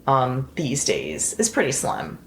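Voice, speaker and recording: A woman's voice: rumbling low, big pitch swings, slow, fairly bright tone, a little hiss or hum. A woman co-hosting a casual podcast chat, giving practical, affirming advice. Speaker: podcast co-host.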